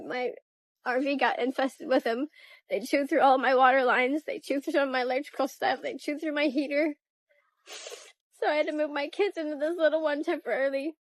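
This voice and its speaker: A woman's voice: high-pitched, no room sound. A sick woman living in an RV, talking upset with her voice breaking into tears and coughing. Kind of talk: street interview.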